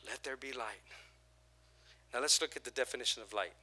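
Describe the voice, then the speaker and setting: Bright, energetic male pastor preaching. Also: mid-range voice, a little fast. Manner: energetic preaching with repeated phrases and call-and-response. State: voice prone to hoarseness. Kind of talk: sermon.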